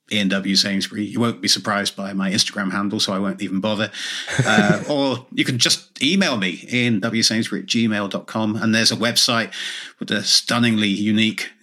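A man's voice: lowish voice, fairly even intonation, a little fast, pushed and bright. A male author being interviewed, chatting casually and joking about himself with frequent laughs. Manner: self-deprecating, joking, laughs often. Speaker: guest author.

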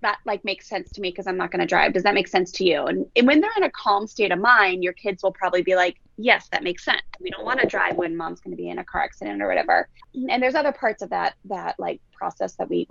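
A woman talking as a parenting coach on a podcast, telling stories and quoting people with lively energy. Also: mid-range voice, vocal fry, no echo, muffled recording. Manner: storytelling, animated quoting of others. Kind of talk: casual podcast chat.

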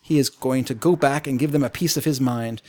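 A man's voice: medium pitch, fairly quick, a little mellow. A man chatting casually as co-host, rambling through a story and laughing often. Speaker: podcast co-host. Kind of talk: casual comic book discussion.

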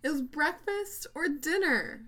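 A woman in her twenties co-hosts a podcast with a bright, fairly high voice. She sounds upbeat and casual and says "like" often as she talks. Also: expressive, slow pace. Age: 20s. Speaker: podcast co-host.

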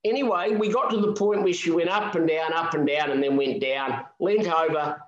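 A man's voice: fairly high pitch, normal speed, reverberant, muffled recording, a crowd in the background. A middle-aged man, a marathon swimming guest telling an emotional story in a podcast interview. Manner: animated, emotional storytelling with restarts.

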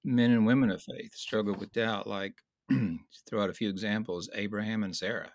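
A man teaching in a conversational Bible study discussion, earnest and explanatory, slowing down to stress key points. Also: lowish voice, steady tone, no room sound, studio quality.

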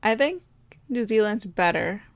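A woman's voice: mid-range voice, expressive, unhurried, no echo. A young woman in casual chat, laid-back and chiming in with short remarks.

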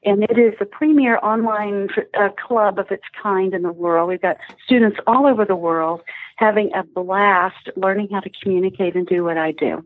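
A woman's voice: mid-range voice, normal speed. A woman guest telling animal stories with enthusiasm on a podcast, heard over a phone line. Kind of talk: storytelling interview guest. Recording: husky tinny phone line, dry.

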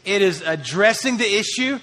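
High-pitched and bright, a preacher's voice rings out as he speaks with earnest animation at an ordinary pace. Key phrases get extra force as he lifts his voice, each one trailing away in a hall's lingering echo.

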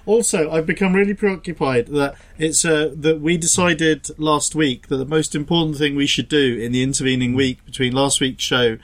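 Rambling self-deprecating podcast host. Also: male voice, a little high, steady tone, normal speed, hardly any pauses. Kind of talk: casual chat.

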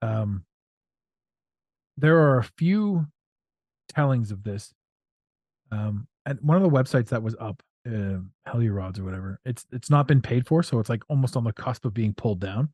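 Animated male podcast host, dry sound. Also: medium pitch, normal speed, no room sound. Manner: animated, acts out voices and jokes. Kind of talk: casual podcast chat.

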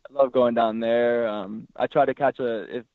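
A man's voice worn hoarse and raspy from yelling, relaxed and rambling. He is heard over a thin, phone-like line with a dry, close sound. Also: mid-range voice, moderate pace, dry recording. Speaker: goalkeeper guest. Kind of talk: casual interview.

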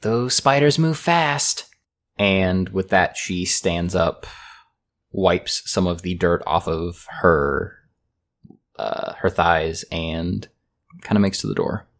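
A man acting as game master, narrating a tabletop fantasy game in an unhurried, descriptive way. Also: low-pitched, fairly even intonation, a bit bright.

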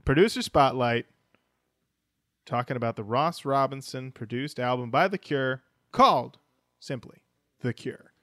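A man's voice: medium pitch, measured pace, pauses often, no room sound. Wry male podcast co-host, dry sound. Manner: wry, animated, reads comments aloud. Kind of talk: casual chat reading listener comments.

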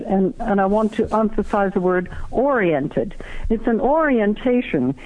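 A guest author answering interview questions in a halting way, with many pauses and restarts, heard over a phone line. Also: mid-range voice, expressive.

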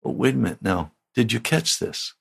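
A man's voice: mid-range voice, sing-song, normal speed, vocal fry, fairly bright tone, husky. A male pastor preaching a sermon, retelling a Bible story and rising to emphatic peaks.

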